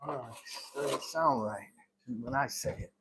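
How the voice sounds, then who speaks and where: A chatty man who runs a gelato shop talks to himself on a live stream as he works, clearing his throat often. His voice is mid-range and his pace measured, and the recording clearly picks up background noise with clicks.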